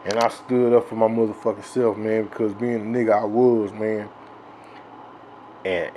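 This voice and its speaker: A man's voice: on the low side, normal speed, slight background noise. Rowdy, profane man telling stories. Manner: profane, rambling, filler-heavy; grows loud and excited with laughs. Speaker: host telling a childhood story. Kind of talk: casual storytelling.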